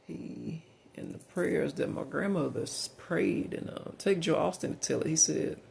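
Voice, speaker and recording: A man's voice: fairly high pitch, wildly swooping pitch, moderate pace, gravelly, darkish tone, slight background noise. A middle-aged man with a Southern US accent, talking through a frank, meandering personal monologue with lots of fillers and restarts.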